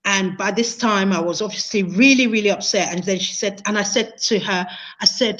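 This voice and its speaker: A woman's voice: medium pitch, moderate pace, fairly bright tone, low-quality recording. A woman, an interview guest telling a personal story in an earnest, emotional way, often repeating herself. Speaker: interview guest, training consultant.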